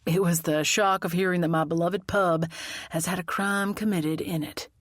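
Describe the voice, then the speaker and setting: A woman's voice: fairly low pitch, fairly even intonation, normal speed, dry recording, studio quality, lightly acted. A woman doing a reedy, smug pub owner. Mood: oily. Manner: insincere, sneering politeness.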